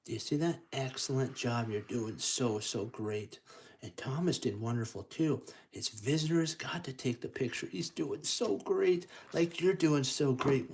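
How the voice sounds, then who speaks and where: A man reading a picture book aloud to children in an encouraging way, making train sounds and dropping to whispers. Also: mid-range voice. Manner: encouraging, lively, drops to whispers and chugging sounds. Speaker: storytime reader.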